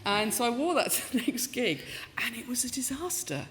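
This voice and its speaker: A woman in her fifties giving a talk as a professor, telling stories in a lively, self-mocking way and acting out the voices she quotes. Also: on the high side, normal speed, a little hiss or hum. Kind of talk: storytelling talk with comic asides. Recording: lecture hall with long reverb.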